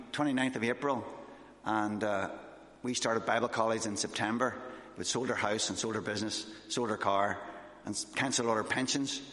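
Fast-talking Northern Irish man, echoey church. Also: lowish voice. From Northern Ireland. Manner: fast, excitable storyteller. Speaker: missionary speaker. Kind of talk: church talk. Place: church hall.

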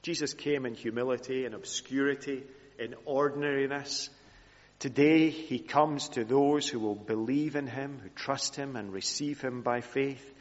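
Earnest preacher in an echoing hall. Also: male voice, medium pitch, a little slow. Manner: earnest, voice sinking soft at phrase ends. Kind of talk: sermon. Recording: reverberant hall, dull lo-fi sound.

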